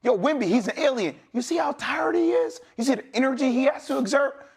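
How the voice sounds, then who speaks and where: A man's voice: extremely high pitch, lively intonation, brisk, breathy edge. A man who is a former player talking sports as a guest, blunt and streetwise, building into impassioned rants.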